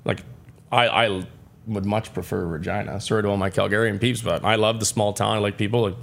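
A man's voice: fairly low pitch, steady tone, a little fast, gravelly, fairly bright tone. A man in his forties from Saskatchewan, a guest chatting casually in an interview and rambling with lots of fillers and restarts. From Saskatchewan, Canada. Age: 40s. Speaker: guest athlete.

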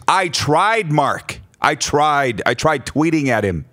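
A man's voice: a little high, very animated, takes it slowly, sharp tone, dry recording, studio quality. A man hosting a casual radio show, laughing often as he jokes and reads out listener messages. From Saskatchewan, Canada. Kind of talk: casual sports radio banter. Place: radio studio.

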